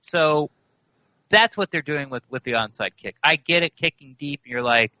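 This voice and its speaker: A man co-hosting a sports podcast, rambling and animated, laughing as he talks. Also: a little high, normal speed, no room sound. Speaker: podcast co-host. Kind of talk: casual sports chat. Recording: dry, slightly dull podcast audio.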